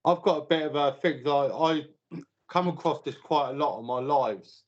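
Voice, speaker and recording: A man's voice: fairly high pitch, moderate pace. A man with a British accent making his point emphatically on a podcast, proud and lecturing in tone. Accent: British English. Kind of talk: casual podcast chat. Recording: slightly muffled podcast audio.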